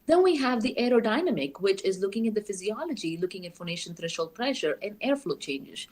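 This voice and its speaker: A woman giving an academic lecture in a lively, explanatory way, posing rhetorical questions to the audience. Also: mid-range voice, brisk. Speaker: guest lecturer.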